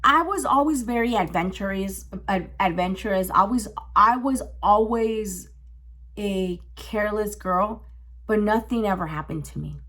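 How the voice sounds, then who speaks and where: A young woman telling a storytime vlog in casual chat, animated and full of restarts. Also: mid-range voice, unhurried. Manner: animated, with dramatic gasps and frequent restarts. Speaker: vlogger.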